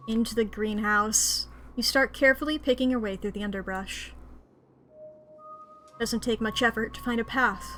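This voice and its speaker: Woman streaming a visual novel, reads the text out, joking asides, bright and a bit high. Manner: playful, self-mocking asides. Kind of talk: playing and reading a visual novel aloud.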